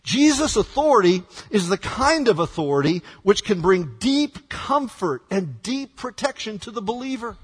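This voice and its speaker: A male pastor preaching a sermon with dramatic swings from hushed words to shouts. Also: high voice, sing-song, moderate pace, few pauses, husky, in a large hall.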